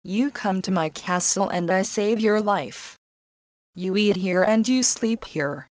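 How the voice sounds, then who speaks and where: A woman's voice: mid-range voice, slow, dry recording, natural voice. Woman doing a big angry storybook beast, bossy, dry close sound. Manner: stern, commanding. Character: huge angry male beast in a castle.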